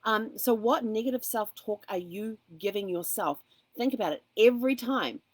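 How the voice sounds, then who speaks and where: A woman's voice: mid-range voice, expressive, moderate pace, no room sound, rough recording. A woman hosting a casual motivational talk, speaking in an earnest, encouraging way and weaving in personal asides. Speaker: host.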